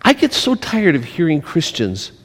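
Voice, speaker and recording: A male pastor preaches with a fairly high, very lively voice that rises and falls widely. He swings between quiet, mocking mutters and loud, emphatic exclamations. The sound carries a long reverb, as in a large church. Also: moderate pace. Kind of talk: sermon. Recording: reverberant hall.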